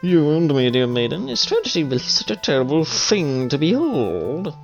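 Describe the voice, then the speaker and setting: A man's voice: a little high, very animated, normal speed, pitched above the performer's own voice. A man voicing a theatrical villain of tragedy. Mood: menacing. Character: grandiose villain embodying tragedy. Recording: slightly dull audio with faint music.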